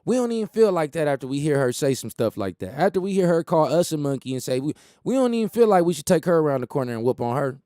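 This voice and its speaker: On talk radio, an emphatic man riffs in a casual monologue, his fairly high voice sing-song, fast, and dark in tone. He rambles, repeats phrases, and laughs at his own jokes, captured in echo-free studio quality.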